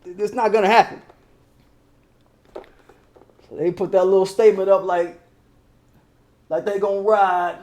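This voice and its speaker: A man's voice: high-pitched, level tone, measured pace, pauses often, a little mellow. A man hosting his own political commentary channel, talking straight to viewers in a heated, slangy, profane way.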